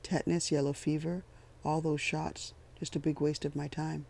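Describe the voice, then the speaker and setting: A man voicing a calm, weary army captain. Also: a little high, moderate pace, creaky. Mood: dry. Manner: calm, quiet and matter-of-fact.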